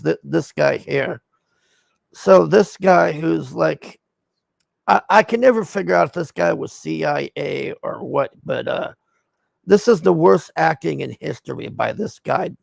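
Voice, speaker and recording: Gravelly, blunt-talking man. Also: on the high side, dry recording. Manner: blunt and profane, exasperated. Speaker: streamer reviewing a movie. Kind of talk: casual livestream movie recap.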